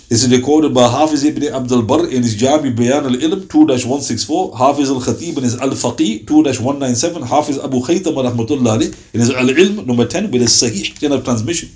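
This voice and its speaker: A man's voice: medium pitch, brisk, few pauses, a little mellow. A man giving a religious lecture on early Islamic scholars, telling stories with quoted dialogue. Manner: storytelling with acted-out quotes.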